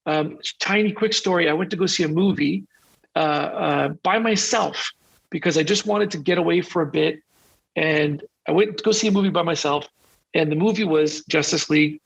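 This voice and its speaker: A man's voice, somewhat high for a man, with a husky, gravelly texture. The recording is dull and muffled. He is a podcast guest, telling personal stories in an open, confessional way. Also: normal speed, a bit bright. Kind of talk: casual interview conversation.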